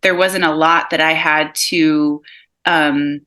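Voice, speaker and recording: A woman giving a live mediumship reading over a video call, relaying messages calmly and softly, often laughing between them. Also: deep voice. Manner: relays messages in a calm, soft, slow delivery, with frequent laughs.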